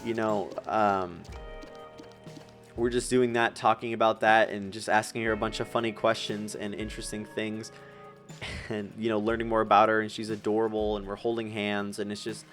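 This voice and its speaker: A man's voice: lowish voice, level tone, moderate pace, a bit bright, soft background music. An eighteen-year-old man telling a long personal story in a rambling, emotional way, with filler words and restarts. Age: young adult. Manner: rambling, emotional, tearing up with nervous laughs. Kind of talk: casual storytelling while gaming.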